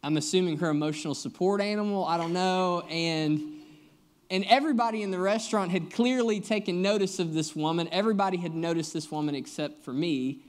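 A man's voice: high voice, brisk. A young man, a guest pastor preaching a sermon, telling stories and joking with the congregation in a conversational way.

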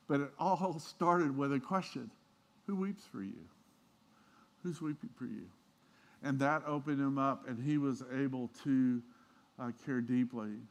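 A male pastor delivers a sermon in a mid-pitched voice. He tells personal stories with real feeling, dropping low and quiet and then rising with emphasis. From Southern United States. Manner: heartfelt storytelling, swinging from hushed to emphatic.

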